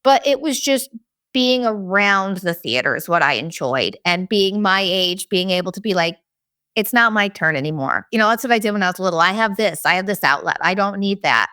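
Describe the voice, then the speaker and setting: A woman's voice: mid-range voice, lively intonation, fairly quick, sharp tone. A woman in her forties hosting a podcast, telling a comedic story in a blunt, profane, ranting way. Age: 40s. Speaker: podcast host. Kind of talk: casual comedic storytelling monologue.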